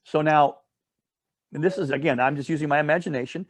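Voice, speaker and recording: A man with a fairly high voice leads a casual Bible study, telling the story in a rambling, digressive way. He keeps adding asides and correcting himself, and checks in with his listeners often. The sound is dry and close. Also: fairly quick, no echo. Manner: often asks "all right?" to check in with listeners.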